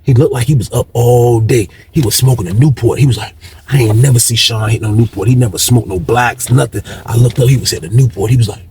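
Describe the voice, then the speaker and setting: A man's voice: medium pitch, fast talker, darkish tone, a little hiss or hum. A man telling a story in a slangy, casual way, acting out other people's lines. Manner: slangy, acts out dialogue with shifting voices.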